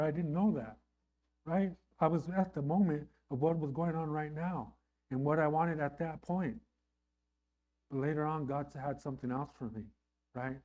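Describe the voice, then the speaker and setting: Male pastor, pitched a little high, earnest conversational sermon delivery. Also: warm tone. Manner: earnest, conversational preaching with repeated "right?".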